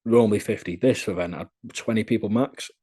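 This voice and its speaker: His voice sits on the low side, mellow and fairly quick. A young British adult content creator, he's being interviewed on a casual podcast and shares crude, candid anecdotes in a chatty style with crude humour.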